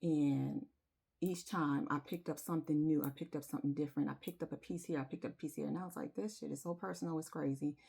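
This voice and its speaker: A woman's voice: deep voice, fairly even intonation, fast talker, gravelly, mellow, husky. A woman, telling her viewers a personal story in a confiding, emotional way and singing bits of a chorus. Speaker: spiritual vlogger.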